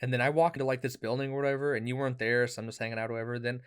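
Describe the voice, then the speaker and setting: A young man in his twenties hosts a casual podcast chat at an ordinary middle pitch. He talks in a crude, teasing way, swearing freely and laughing often as he tells stories. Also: little pitch movement, rapid-fire, clear, resonant tone. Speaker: podcast co-host. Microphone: webcam.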